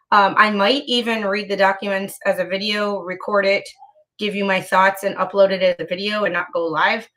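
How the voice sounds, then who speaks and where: A young woman talks casually on a home livestream, blunt and salty, with plenty of ums and restarts. She sounds a little out of breath, and her pitch sits mid-range. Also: fairly bright tone. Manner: frank, profane, many ums and restarts. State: slightly out of breath. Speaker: live streamer.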